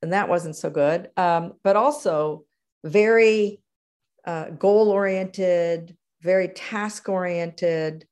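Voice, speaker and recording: A middle-aged woman, a guest in an interview, telling stories from her career in an animated conversational way. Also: slow. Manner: animated, acts out quotes with big pitch jumps. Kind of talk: conversational storytelling.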